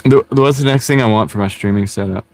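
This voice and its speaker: Sitting in his car with a wireless clip-on microphone, a livestream host chats with viewers, rambling, joking and breaking into laughter. His voice is fairly low and a little mellow, and he talks fast.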